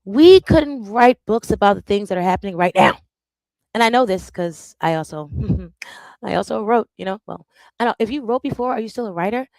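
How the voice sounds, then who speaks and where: A woman hosting a live stream, talking in a rambling, animated way and calling her viewers "bro" and "darling". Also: medium pitch, normal speed, no room sound, rough recording. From United States. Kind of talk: casual live stream monologue.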